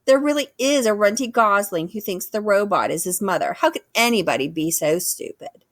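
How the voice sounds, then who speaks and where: A woman's voice: mid-range voice, lively intonation, a little fast, no echo, clean studio sound, voice pushed up, close to an everyday voice. Woman doing a bossy sarcastic bear girl.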